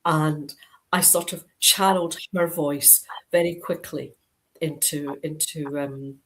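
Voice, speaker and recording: A woman's voice: low voice, fairly even intonation, takes it slowly, poor audio. A middle-aged Scottish woman from Dundee, an author chatting on a video call, rambling with lots of ums and restarts. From Scotland (Dundee). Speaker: crime author, guest. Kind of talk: casual video-call interview.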